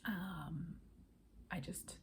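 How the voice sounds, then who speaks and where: A woman's voice: on the low side, fairly even intonation, extremely slow, gravelly, a little hiss or hum. A middle-aged woman from Connecticut hosting a cross-stitch vlog, chatting in a rambling way with lots of fillers and restarts. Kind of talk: casual chat.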